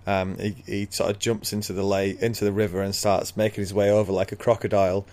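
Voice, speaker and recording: A man's voice: on the low side, little pitch movement, fast, darkish tone. A man casually retelling a book chapter as a podcast co-host, laid-back and laughing often.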